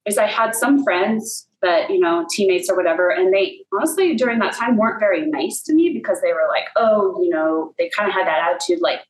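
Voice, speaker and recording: A woman's voice: mid-range voice, a little fast, few pauses, echoey room, poor audio. A woman telling a personal faith story in a casual way, full of fillers and "like". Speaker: guest.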